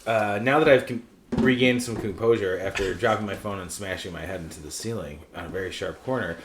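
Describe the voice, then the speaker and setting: A man's voice: on the low side, fairly quick. A man co-hosting a casual podcast chat, rambling and laughing at himself. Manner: rambling, laughing, self-mocking. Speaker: podcast co-host. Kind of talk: casual chat over beers. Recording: echoey room with faint noise.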